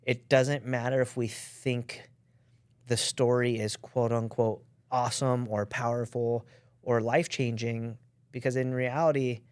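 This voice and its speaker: A man's voice: medium pitch, flat delivery, unhurried, a little mellow, clean tone, no echo. A man co-hosting a podcast, speaking in an earnest, reflective way with casual slang. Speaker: podcast co-host. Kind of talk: casual chat.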